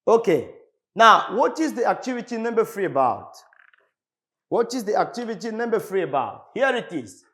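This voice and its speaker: A man from the Congo teaching an English lesson on television, slowly repeating words for his class. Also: high-pitched, very animated, a bit bright. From Republic of the Congo. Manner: slow, repetitive, drilling words for the class.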